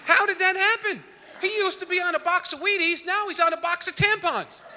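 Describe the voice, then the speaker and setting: A man doing a brash, rapid-fire stand-up comedy routine on a theater stage. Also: very high voice, pushed and bright, some chatter behind. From New York, the Bronx. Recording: live theater reverb, faint room noise.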